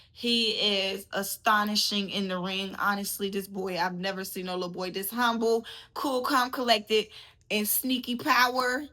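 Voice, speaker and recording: In a sharp, mid-range voice, a woman hosts a casual boxing commentary vlog, chatting to the camera, laughing, and calling her viewers baby.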